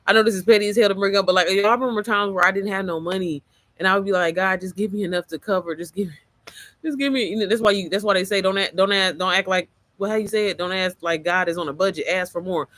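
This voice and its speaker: A woman with a worn, slightly hoarse voice, chatting casually and motivationally on a livestream, rambling, getting sidetracked and swearing freely. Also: medium pitch, steady tone, quick pace, a bit bright, no echo. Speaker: mom entrepreneur livestreamer.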